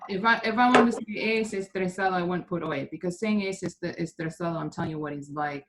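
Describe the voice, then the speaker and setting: A woman's voice: fairly low pitch, brisk, very noisy. A woman teaching a Spanish class, patiently explaining grammar step by step.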